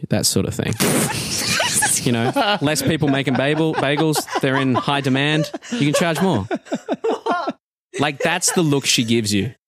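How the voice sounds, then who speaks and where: A man's voice: mid-range voice, huge pitch swings, a little slow, no room sound, clean studio sound. A man narrating a tabletop game as game master, loose and often laughing.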